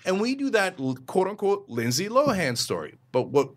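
A middle-aged man telling stories in a casual interview, animated, slipping into funny voices now and then. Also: high-pitched, moderate pace, very noisy. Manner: animated storyteller who slips into funny voices. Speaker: media company founder and show host, as guest.

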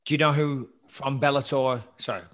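A man co-hosting a casual sports chat, animated, laughing and swearing freely. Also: medium pitch, moderate pace. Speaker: podcast co-host.

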